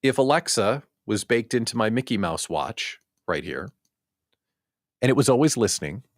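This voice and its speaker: Animated joking male host. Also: fairly low pitch, moderate pace, no room sound, clean studio sound. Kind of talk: livestream talk show.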